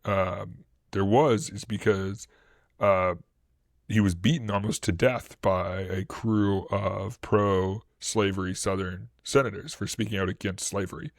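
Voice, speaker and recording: On a history podcast he co-hosts, a man with a Boston accent talks at a measured pace in a fairly low voice. He explains events casually and ramblingly, with many fillers and restarts, and becomes animated when quoting. The studio-quality sound has no room tone.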